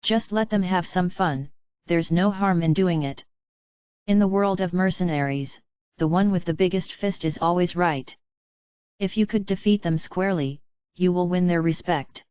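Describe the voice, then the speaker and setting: A woman reading a calm, confident leader. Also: high voice, normal speed, smooth, no echo, dull audio, lightly acted. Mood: instructing. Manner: easygoing, commanding.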